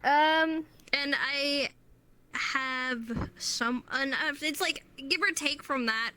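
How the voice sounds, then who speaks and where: A woman's voice: sits high, slow, pushed and bright. A woman chatting as an interview guest, laughing often, her voice strained from long use. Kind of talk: casual interview chat.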